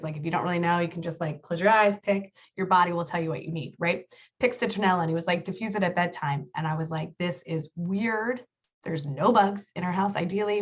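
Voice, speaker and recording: A mother telling a quick anecdote on a group call. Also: on the low side, highs cut off. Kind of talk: casual storytelling on a call.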